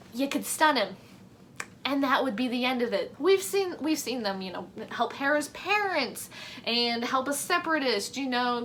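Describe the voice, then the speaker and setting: A woman's voice: fairly high pitch, pushed and bright, slight background noise. A woman giving casual reaction commentary, ranting in exasperation with lots of swearing and mocking quoted lines. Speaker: reaction vlogger.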